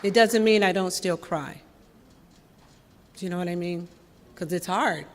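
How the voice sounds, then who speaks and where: A woman in her thirties from Los Angeles, sharing her recovery story with wry candor, swelling loud and dropping soft. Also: fairly low pitch, unhurried, a crowd in the background, background noise. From Los Angeles, California. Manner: candid, wry, raw, with emphatic swells and soft drops. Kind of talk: personal recovery talk. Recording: long reverb from a hall.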